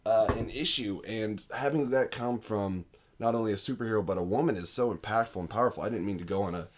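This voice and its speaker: Excitable young man reviewing movies. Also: fast. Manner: enthusiastic, acts out quotes with big pitch jumps. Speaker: podcast co-host. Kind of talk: casual movie review chat.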